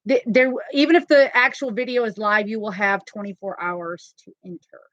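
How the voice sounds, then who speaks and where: A woman's voice: medium pitch, fairly even intonation, normal speed, a bit bright, no room sound. A woman hosting a casual crochet live stream from home, chatty and laughing often. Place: home, indoors. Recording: slightly dull lo-fi sound.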